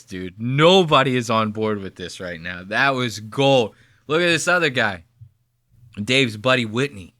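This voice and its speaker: On a clean studio recording with no room sound, a podcast host in his thirties from New Jersey rambles through profane, mocking commentary. He speaks in an animated, sharp-toned mid-range voice at a measured pace.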